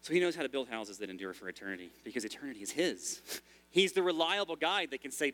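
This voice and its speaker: A man's voice: mid-range voice, big pitch swings, fast, fairly bright tone. A man preaching a sermon in a church as pastor, in a conversational style with frequent restarts.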